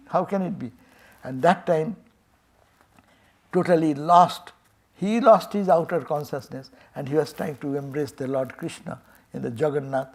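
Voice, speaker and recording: An older man with an Indian English accent, a swami telling a devotional story in a sermon and acting out its dialogue with chuckles. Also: high voice. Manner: animated, acts out dialogue, chuckles often. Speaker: swami giving a temple talk.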